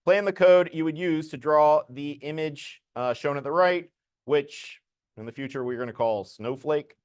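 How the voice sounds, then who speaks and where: A man's voice: on the high side, normal speed, smooth, no echo. A man teaching a programming lesson to a class, explaining code casually as he demonstrates it.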